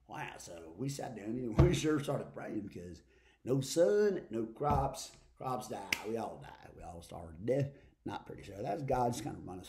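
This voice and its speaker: A man with a Southern accent rambles through a comic preacher monologue in a folksy, meandering way. His voice is mellow and unhurried in tone, sitting at an ordinary pitch. He slides in and out of little quoted voices as he spins the tale. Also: very animated. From Texas.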